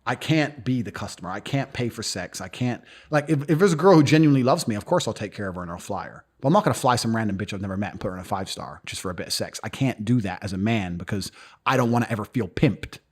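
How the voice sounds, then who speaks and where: Fast-talking guy in an interview, real lively up-and-down delivery, blunt and cocky, swears a lot, does little voices for other people. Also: on the low side, husky. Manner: blunt, boastful, swears freely; acts out quoted voices of others. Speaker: interview guest. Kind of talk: casual interview talk.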